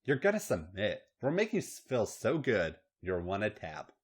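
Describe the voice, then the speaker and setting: A man voicing a feisty, brash Irish woman who growls and shouts. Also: fairly low pitch, wildly swooping pitch, moderate pace, breathy edge, full character voice.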